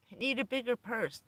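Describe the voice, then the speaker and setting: A woman's voice: fairly high pitch, fairly bright tone, dry recording. A woman hosting a livestream, telling stories in a chatty way and laughing often. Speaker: livestream host. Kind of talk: casual chat to a live audience.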